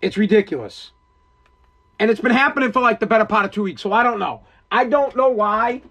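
Man, podcast host, high voice, angry rant, profane, repetitive. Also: a little fast, fairly bright tone. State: agitated. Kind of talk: angry ranting monologue.

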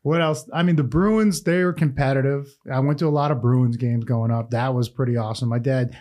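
A man in his forties from Massachusetts, a former football player, telling stories in a relaxed podcast chat, laughing often and swearing casually. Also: mid-range voice, fairly quick.

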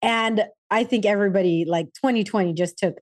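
A woman's voice: medium pitch, a little fast, no room sound. Bubbly woman podcast host, dry sound. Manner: bubbly, curious, laughs often. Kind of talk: casual interview chat.

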